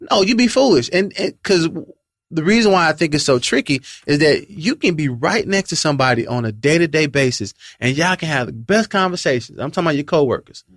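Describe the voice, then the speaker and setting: A man's voice: a little high, expressive, brisk, fairly bright tone, no room sound, clean studio sound. A man in a casual group discussion, speaking emphatically and repeating phrases for stress. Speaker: discussion panelist.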